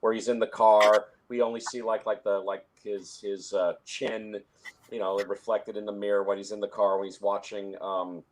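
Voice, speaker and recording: A man's voice: lowish voice, flat delivery, moderate pace. Rambling man in casual film talk. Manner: rambling, many restarts, chuckles. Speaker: film discussion panelist. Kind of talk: casual conversation.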